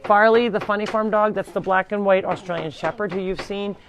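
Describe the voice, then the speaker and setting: A woman hosts a live tour of a farm sanctuary, walking between the farm buildings while chatting with viewers and calling out to the animals. Her voice is mid-range and brisk, and background noise can be heard.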